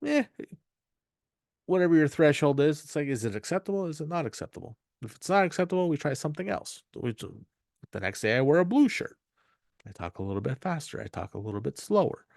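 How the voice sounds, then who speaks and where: A man teaching an online marketing course, talking off the cuff, rambling and repeating himself and acting out quick asides. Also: mid-range voice, no room sound, clean studio sound. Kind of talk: unscripted course talk.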